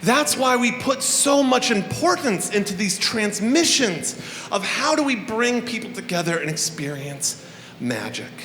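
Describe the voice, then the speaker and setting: A man with a high, sharply bright voice hosts a live show on a handheld microphone, talking to the crowd in a playful, swearing, theatrical way. His voice rings through a large, echoey hall with a long tail, over a faint hum of room ambience. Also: very animated, unhurried. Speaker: stage host opening a live festival. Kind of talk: live stage address to an audience.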